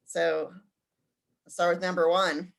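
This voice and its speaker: A woman with a slightly low voice presenting a study-abroad trip in a casual info session. She often stops to search for words, with frequent ums and restarts. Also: flat delivery, slow, vocal fry. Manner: hesitant, many ums and restarts.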